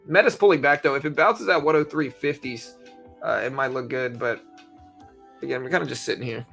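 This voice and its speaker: A young man hosts a live trading stream, his medium-pitched voice brisk with vocal fry and faint music in the background. He talks in a relaxed, rambling way, repeating phrases and leaning on fillers, all while fighting the hiccups.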